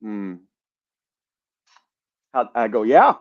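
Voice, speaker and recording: Speaking at an ordinary pitch, a veteran who hosts a casual podcast gets animated while telling a story, cursing liberally and stumbling over repeated words. It's unhurried, and the dry recording sounds slightly dull, as if from a lo-fi mic.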